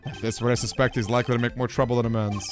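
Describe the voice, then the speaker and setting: A man voicing a stern, composed male prosecutor in a game, speaking in a low, measured and formal way. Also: little pitch movement, soft background music, close to an everyday voice. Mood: dry.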